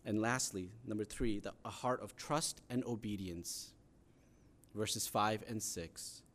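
A man's voice: lowish voice, unhurried, a bit bright. A man preaching a sermon in an earnest, conversational teaching manner, pressing harder when he stresses a point. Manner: earnest, conversational teaching with rising emphasis on pleas.

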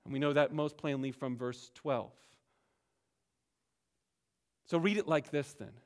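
A man's voice: mid-range voice, a little slow, pauses often. A man preaching a sermon, explaining scripture with emphatic rises and drops in his delivery. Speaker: pastor. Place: church sanctuary.

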